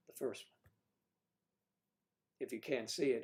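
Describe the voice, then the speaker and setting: A man's voice: medium pitch, fairly even intonation, measured pace, vocal fry, a little mellow. A man hosting a casual livestream, chatting and joking while answering viewer comments. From northern United States. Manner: chatty, jokey, reads viewer comments aloud. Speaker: livestream host.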